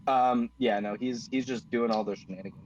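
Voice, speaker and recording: A man's voice: medium pitch, fairly even intonation, a little fast, darkish tone. A man playing a tabletop game in casual chat, rambling with many fillers and some swearing. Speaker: player. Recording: dull audio with faint noise.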